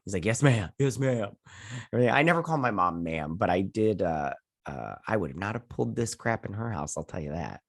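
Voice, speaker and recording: A man hosting a casual episode recap, rambling along and acting out characters' lines in quick quoted bits, swearing now and then. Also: low voice, sing-song, creaky, a bit bright, dry recording, studio quality. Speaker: host.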